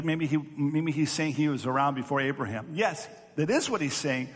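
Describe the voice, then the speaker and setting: A man's voice: on the high side, expressive, unhurried, few pauses, a bit bright. Man preaching in a reverberant hall. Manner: earnest teaching, repeating words on restarts. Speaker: pastor. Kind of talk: sermon.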